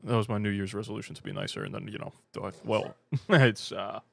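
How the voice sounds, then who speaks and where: A man's voice: fairly low pitch, wildly swooping pitch, quick pace, creaky, a little hiss or hum. A British man hosting a fan livestream, chatting casually and joking as he answers viewer comments. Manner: rambling and joking, self-deprecating, with many restarts. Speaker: fan channel livestream host.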